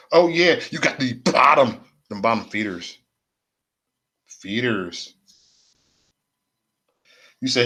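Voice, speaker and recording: A man riffing live to his chat. He circles back over the same phrases again and again, loose and slangy, with plenty of cursing. His pitch sits right in the middle for a man. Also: very animated, measured pace, pauses often, a bit bright. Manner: rambling, repetitive, slangy and profane. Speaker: livestream host. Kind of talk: casual livestream rant.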